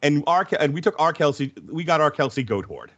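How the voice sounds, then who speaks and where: A man's voice: a little high, animated, fairly quick, fairly bright tone. A man co-hosting a podcast in casual chat, joking and rambling, with a little swearing. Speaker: podcast co-host. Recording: dull lo-fi sound.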